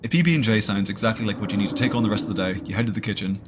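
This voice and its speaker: A man's voice: on the low side, rapid-fire, background noise. A man streaming a horror visual novel, reading the narration aloud and adding jokey asides.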